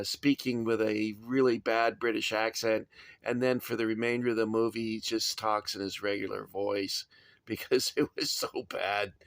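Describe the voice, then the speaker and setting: A man reviewing his toy soldier collection in a casual, chatty way, often pausing with "uh" and adding dry asides. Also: fairly low pitch, smooth, no echo. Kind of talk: casual show-and-tell review.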